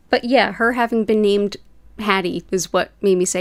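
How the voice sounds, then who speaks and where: A woman's voice: medium pitch, fairly even intonation, normal speed, no room sound. Host, woman, 40s, rambling casual chat, dry close mic. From United States. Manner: chatty, rambling, says "like" often. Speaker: Reiki livestream host. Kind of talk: casual chat with live viewers.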